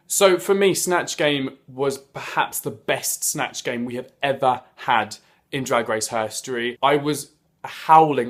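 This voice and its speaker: A man reviewing an episode in a casual, chatty way, gushing and breaking into sudden loud exclamations. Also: mid-range voice. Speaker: video reviewer. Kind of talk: casual chat.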